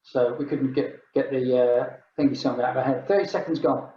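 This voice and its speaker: A man's voice: mid-range voice, fairly even intonation, brisk, roomy sound, muffled recording, a little hiss or hum. An older man leading an exercise class, chatting and joking between rounds while he counts down the reps. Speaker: fitness instructor.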